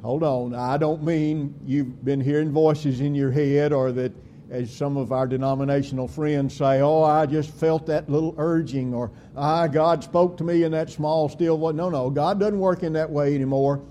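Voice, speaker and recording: A man preaching a sermon, with slow, deliberate delivery and emphatic swings in pitch and volume. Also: fairly even intonation, mellow, slight background noise.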